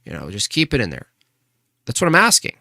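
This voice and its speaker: A man's voice: mid-range voice, wildly swooping pitch, fairly quick, vocal fry, pushed and bright, dry recording, clean studio sound. A man hosting a casual live stream, arguing with chat and asking pointed rhetorical questions. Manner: argumentative, rhetorical questions, restarts.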